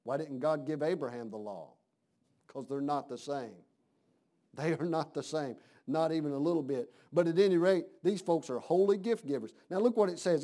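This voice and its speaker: A man's voice: fairly high pitch, moderate pace, mellow. A man preaching a sermon in a folksy, conversational way, asking his congregation questions.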